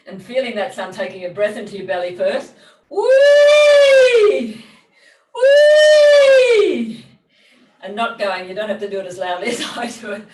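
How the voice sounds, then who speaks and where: An Australian woman leading an online vocal warm-up workshop, giving relaxed, encouraging instructions with loose fillers. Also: medium pitch. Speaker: movement and singing workshop leader. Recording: echoey room, distant from mic.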